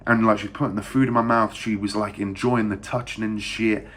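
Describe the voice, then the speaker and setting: A young English man with a lowish voice. He rambles through a casual story at speed, full of fillers, restarts and crude slang. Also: level tone, fairly bright tone. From England. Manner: rambling, crude, fast-talking with many fillers. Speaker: vlogger.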